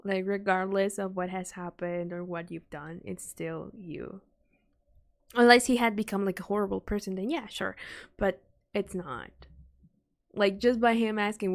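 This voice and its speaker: A young woman streaming a casual reaction chat, rambling with many fillers and soft sighs. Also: medium pitch, vocal fry.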